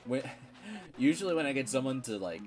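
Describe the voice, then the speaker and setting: A man's voice: mid-range voice, sing-song, a little fast. A man streaming a game, chatting casually in a rambling, frank way and swearing freely. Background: game music.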